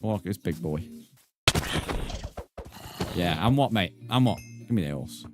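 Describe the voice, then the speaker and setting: A man with a fairly low voice, talking loosely to his viewers while he plays. He rambles and restarts with lots of "like", and tosses in crude, teasing jokes. It is relaxed, live-stream chatter. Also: measured pace, loud music behind the voice. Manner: rambling and crude-joking, full of "like" and "mate". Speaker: game streamer. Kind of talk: casual live-stream chat while gaming.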